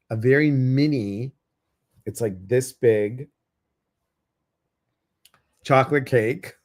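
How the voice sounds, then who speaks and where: Slow, rambling man hosting a chat. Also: mid-range voice. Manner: rambling and chatty, with many fillers. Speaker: meditation group host. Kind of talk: casual chat to a live audience.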